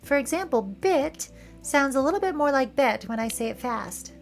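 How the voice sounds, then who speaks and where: A woman with a Californian Valley Girl accent talks casually over film clips, playful and wry. Her voice sits high. A little music plays softly underneath. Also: big pitch swings, normal speed, gravelly. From San Francisco area, California. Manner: playful, wry, joking asides. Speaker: video essay host.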